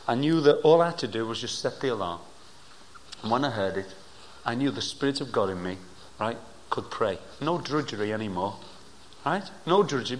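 Male preacher with a high voice, emphatic and fervent, from hushed to loud. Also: slight background noise. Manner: emphatic, keeps asking "right?". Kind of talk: sermon testimony.

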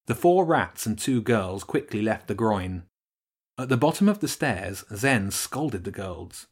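A man narrating a children's storybook with expressive storytelling. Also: lowish voice, unhurried, husky. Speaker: audiobook narrator. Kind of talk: scripted narration.

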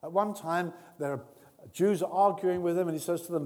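A man with a high voice preaches earnestly, his words ringing out with a long reverb in a large hall. He moves between hushed, close tones and loud, emphatic bursts. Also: fairly quick. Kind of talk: sermon.

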